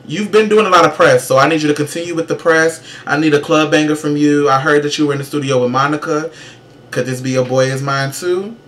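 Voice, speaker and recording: A man hosting his own casual show, giving sassy, profane, emphatic pop-culture commentary with brash shout-outs. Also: on the high side, fairly even intonation, quick pace. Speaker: show host.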